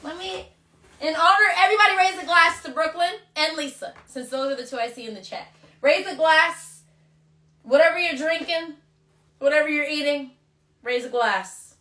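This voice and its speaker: An emotional woman chatting casually on a phone livestream, gushing as she gives shout-outs to friends. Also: sits high, normal speed, echoey room, far from the mic. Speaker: reality show contestant hosting a livestream.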